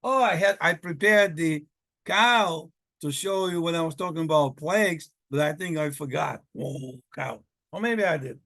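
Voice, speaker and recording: An older man from Israel speaks gently to his grandchildren in a home video message. He is warmly affectionate and rambles, restarting words as he goes. His voice sits somewhat high for a man. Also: normal speed, gravelly.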